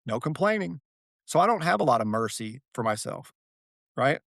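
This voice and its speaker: A man's voice: mid-range voice, very animated, normal speed, vocal fry, a bit bright, no room sound, studio quality. A man, a podcast guest, speaking earnestly and telling his story with a flair for drama, repeating key phrases for weight. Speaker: guest, author and athlete. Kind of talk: reflective podcast conversation.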